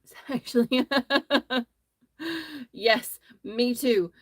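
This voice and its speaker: A woman's voice: fairly high pitch, expressive, drawn-out words, breathy edge, dry recording. Chatty woman rambling through a story. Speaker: crochet livestream host. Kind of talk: casual chat while crocheting. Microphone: phone.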